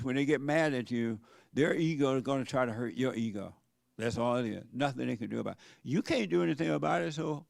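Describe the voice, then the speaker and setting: A man's voice: on the high side, creaky, dry recording. An older man preaching a sermon in a plain-spoken, folksy way, asking his listeners questions. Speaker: pastor.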